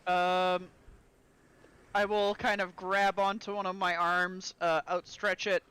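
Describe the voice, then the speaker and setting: Male player, high and smooth voice, casual and joking. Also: level tone, slow, bright, forceful tone. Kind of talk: tabletop game play.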